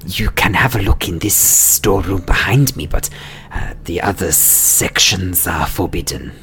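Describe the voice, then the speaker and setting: A man voicing a slow, wary male lizardfolk guard who hisses and speaks in a low, whispery drawl. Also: fairly bright tone. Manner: slow hissing, whispery menace. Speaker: game master voicing a guard.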